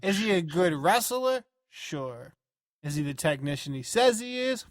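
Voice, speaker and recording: A man co-hosting a podcast, talking in a rambling, profane and animated way. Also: sits high, unhurried, dry recording, clean studio sound. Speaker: podcast co-host. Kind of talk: casual chat.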